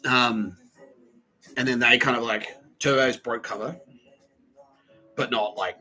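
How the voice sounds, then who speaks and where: A man's voice: mid-range voice, fairly even intonation, slow, bright, forceful tone, breathy edge, faint music behind, poor audio. A man hosting a podcast, telling a rambling personal story full of swearing, fillers and nervous laughs. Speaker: podcast host.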